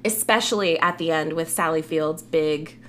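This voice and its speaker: A woman with a Southern American accent, chatting casually as a podcast host, quick to laugh and full of fillers. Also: sits low, a bit bright, slight background noise. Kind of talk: casual chat.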